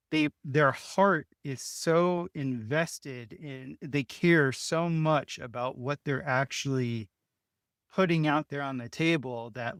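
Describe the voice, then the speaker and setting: A man's voice: a little high, dry recording, studio quality. A man, a builder guest in an interview, telling a story casually with many restarts and short laughs. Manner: rambling, restarts often, laughs between phrases.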